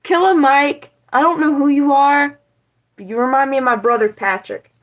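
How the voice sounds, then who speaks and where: A woman's voice: high-pitched, normal speed, muffled recording. Young woman with a West Virginian accent streaming from her kitchen. Rambling, profane, talks straight to chat. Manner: rambling, swears freely, chats with viewers. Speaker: livestreamer. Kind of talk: casual livestream chat. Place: home kitchen.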